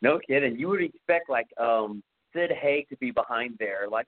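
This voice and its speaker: A man's voice: mid-range voice, moderate pace. Man, podcast co-host, casual movie recap, jokey, phone-like thin sound. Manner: chatty, jokey, acts out bits of scenes.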